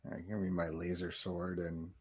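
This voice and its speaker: A man's voice: low-pitched, completely flat delivery, moderate pace, a little mellow, breathy edge. A man hosting a podcast, chatting loosely through a live movie watch-along and reacting to the scenes. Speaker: podcast host.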